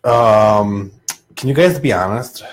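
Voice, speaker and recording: A man's voice: fairly low pitch, slow pace, slight background noise, rough recording. A man joining a casual podcast as a guest, teasing and joking with the host. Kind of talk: casual chat.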